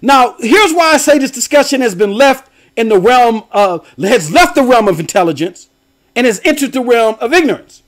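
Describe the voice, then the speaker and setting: A man's voice: extremely high pitch, animated, moderate pace. A middle-aged man hosting a casual gaming livestream, talking animatedly with slang and laughs. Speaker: host.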